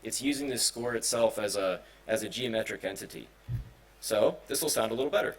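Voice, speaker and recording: In a conference hall, a man gives a technical presentation on simulation and music, speaking a little fast with a lowish voice and vocal fry. The audio is poor, and his casual delivery is full of fillers and restarts.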